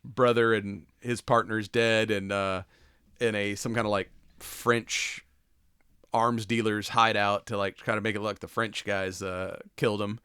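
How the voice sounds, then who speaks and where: A man's voice: on the low side, flat delivery, measured pace, bright, forceful tone, clear, resonant tone, no room sound, clean studio sound. A man co-hosting a podcast, recapping a movie in casual chat, loose and swearing, with lots of fillers. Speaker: podcast co-host.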